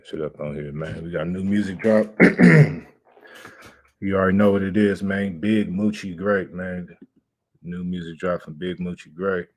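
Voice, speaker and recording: Deep-voiced laid-back male livestream host. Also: unhurried. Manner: laid-back, rambling, slangy. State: out of breath. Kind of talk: casual livestream chat.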